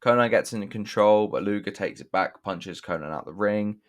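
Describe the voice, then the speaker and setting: A young man with a deep, low voice. He talks through a wrestling show in a rambling way, swearing casually and often breaking off to correct himself. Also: normal speed. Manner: rambling, profane, self-correcting with restarts. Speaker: wrestling reviewer. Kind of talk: casual spoken review.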